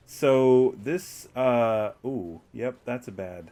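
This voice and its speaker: A man's voice: mid-range voice, mellow. A man streaming a video game, chatting casually to himself and the game with frequent chuckles. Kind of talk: casual gameplay commentary.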